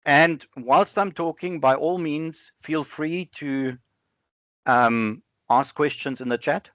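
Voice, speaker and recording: A man presents a live software demo in an online webinar with screen sharing, thinking aloud conversationally, often correcting himself, and using halting fillers. His voice is fairly high-pitched. The online call audio is dull, dry, and lo-fi, with no room sound.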